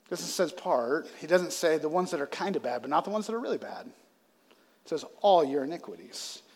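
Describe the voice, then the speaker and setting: A man preaching a sermon as pastor, swelling loud on scripture readings and dropping into casual asides. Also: fairly high pitch, animated, normal speed. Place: church sanctuary. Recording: long hall reverb.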